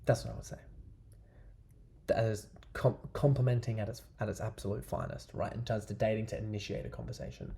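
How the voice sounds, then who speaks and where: A man's voice: on the low side, fairly even intonation, brisk, vocal fry, dark tone. A man talking casually to camera as a dating coach, loose and chatty, often checking in with "right?". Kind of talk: casual advice talk to camera.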